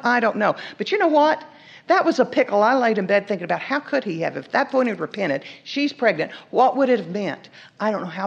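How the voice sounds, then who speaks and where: Woman preacher, storytelling sermon, acts out the lines, gravelly texture, muffled lo-fi sound. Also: mid-range voice. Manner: animated, acts out the characters' lines, asks the listeners questions. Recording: dull lo-fi recording.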